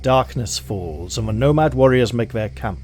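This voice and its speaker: A man reading a solo gamebook aloud with measured, dramatic narration and commenting on his choices as he plays. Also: mid-range voice, expressive, darkish tone, slight background noise. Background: music.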